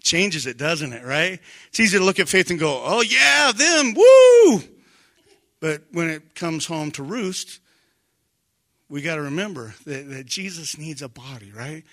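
Middle-aged male pastor, high bright voice, casual and animated sermon, bursts of shouting. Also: moderate pace. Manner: conversational, animated, shouts for emphasis.

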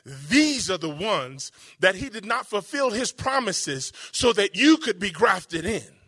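High, bright-voiced preacher man. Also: sing-song, breathy edge. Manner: emphatic, conversational preaching with dramatic pauses and slowed quotes. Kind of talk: sermon.

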